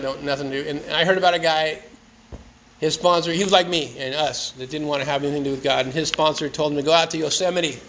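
A man's voice: fairly high pitch, fairly bright tone, slight background noise, rough recording. A man telling his own recovery story at a meeting, casual, earnest, and joking. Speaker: speaker sharing at a recovery meeting. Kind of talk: personal recovery share.

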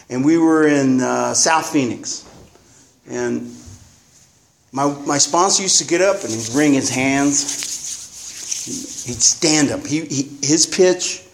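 A man telling his own recovery story at a meeting, blunt and rambling, with profanity. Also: mid-range voice. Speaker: recovering alcoholic sharing at a meeting. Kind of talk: candid personal testimony.

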